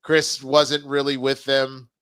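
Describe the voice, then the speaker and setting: A man's voice: mid-range voice, completely flat delivery, takes it slowly, a bit bright, clear, resonant tone, no room sound. A man hosting a live online show, chatting loosely and reading viewer comments. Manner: loose, chatty, trails off and restarts. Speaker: show host. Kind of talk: casual live-stream chat.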